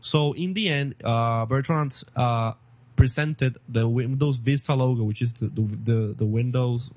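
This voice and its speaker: A man co-hosting a casual tech podcast, trading quick, opinionated banter. His voice sits in the middle range and is recorded close and dry, with no room sound behind it. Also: medium pitch, a little mellow, no echo. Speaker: podcast co-host.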